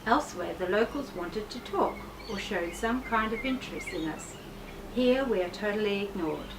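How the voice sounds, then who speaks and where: Woman author, measured expressive reader; recorded set back from the mic. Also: medium pitch. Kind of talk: reading aloud from her own memoir. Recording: distant mic with faint background noise.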